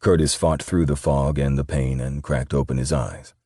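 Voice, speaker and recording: Male audiobook narrator, very deep and husky, steady reading. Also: moderate pace, no room sound, clean studio sound. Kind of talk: scripted narration.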